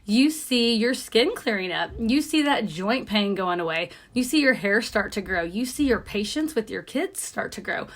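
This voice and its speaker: A woman's voice: medium pitch, lively intonation, moderate pace, few pauses, a bit bright. A woman in her thirties, a nurse practitioner, giving viewers an upbeat, emphatic, chatty rundown of supplements. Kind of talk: casual product rundown to viewers.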